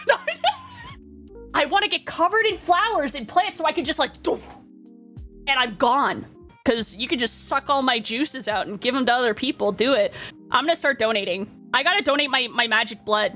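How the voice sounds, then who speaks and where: A young woman streamer telling stories in a casual, excitable way, laughing often and acting out what people said. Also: fairly high pitch. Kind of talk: casual storytelling.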